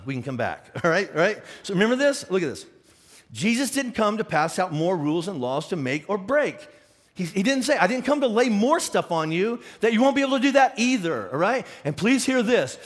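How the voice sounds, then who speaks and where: A middle-aged male pastor giving a conversational sermon, animated, with frequent restarts and acted-out questions to the congregation. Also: high-pitched, normal speed.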